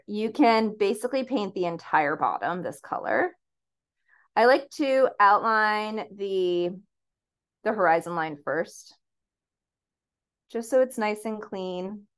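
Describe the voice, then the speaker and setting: A woman leading a paint-and-sip class, giving upbeat, encouraging step-by-step instructions as she paints. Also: mid-range voice.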